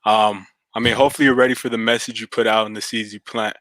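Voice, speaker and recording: A man calling into a live stream panel, speaking in a slow, sardonic drawl. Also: fairly low pitch, little pitch movement, a bit bright, no echo, low-quality recording. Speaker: caller on the panel.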